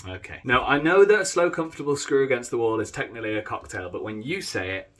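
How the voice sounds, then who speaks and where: A man's voice: medium pitch, quick pace. A man, a comedian performing satirical sketches with dry, sarcastic asides.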